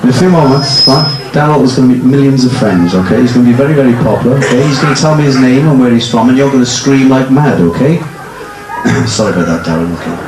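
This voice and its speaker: This stage hypnotist speaks quickly in a mid-range voice, throwing cheeky banter at volunteers and the audience during a live nightclub show. He's on stage in front of the crowd, and the recording picks up the club's echo, loud music and crowd.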